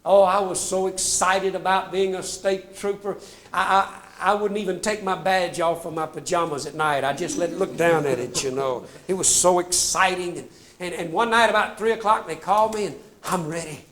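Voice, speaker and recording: A man's voice: high-pitched, normal speed, fairly bright tone. An older man telling comic stories on stage in a folksy, self-mocking way, often calling the crowd "folks". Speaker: comedian telling trooper stories. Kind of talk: stand-up storytelling.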